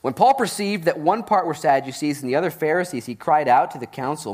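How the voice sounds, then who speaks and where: Animated, casual preacher man. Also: fairly high pitch, a little fast, few pauses. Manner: casual, animated, jokey asides. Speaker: pastor. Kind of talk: sermon, Bible teaching.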